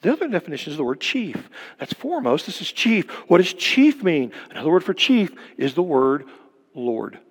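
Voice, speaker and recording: Older guy preaching a sermon, highish voice, lots of questions then hushed punchlines, big reverby church sound. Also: sing-song, normal speed, breathy edge. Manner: emphatic preaching with rhetorical questions and sudden drops to a hush. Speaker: pastor.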